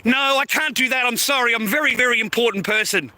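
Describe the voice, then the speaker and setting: A man's voice: extremely high pitch, quick pace, bright, forceful tone, no echo, full character voice. A man mimicking a smug whiny office worker. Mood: mocking. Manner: mocking, sing-song whiny. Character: smug self-important male office worker.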